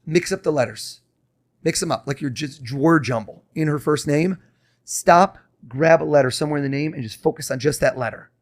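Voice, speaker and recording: A young man, a mentalist guest on a podcast, talking fast and coaxing as he reads a host's mind live. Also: a little high. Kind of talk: casual podcast talk with live mind-reading.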